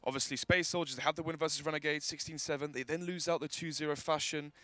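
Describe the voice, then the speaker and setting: A man casting an esports match at the analyst desk, chatty and quick, often talking over his co-caster. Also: fairly high pitch, fairly even intonation, a bit bright, dry recording. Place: studio desk at a live event.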